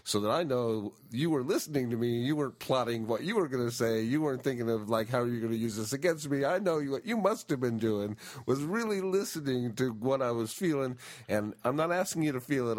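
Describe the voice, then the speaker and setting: A man's voice: mid-range voice, animated, fairly quick, few pauses, darkish tone. A man giving relationship advice in an earnest, explanatory way, restarting phrases as he thinks.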